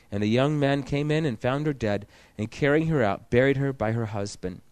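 A man's voice: mid-range voice, no room sound. A man preaching a sermon, reading scripture aloud and then explaining it plainly, with frequent restarts.

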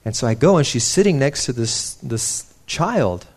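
A man's voice: mid-range voice, lively intonation, moderate pace, darkish tone. A young man preaching a sermon in an earnest, conversational way, stopping to restart his sentences and telling stories from his own life.

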